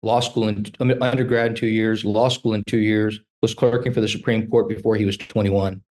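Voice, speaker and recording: This fifty-something trial lawyer brings his stories to life in a casual interview, playing out each line of dialogue. His voice is fairly low and his pace brisk.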